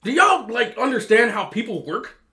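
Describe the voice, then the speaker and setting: Man, mukbang host, opinionated casual rant, lively swooping delivery, sharp tone. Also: very high-pitched, moderate pace. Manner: opinionated, talks with his mouth full. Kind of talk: casual ranting while eating.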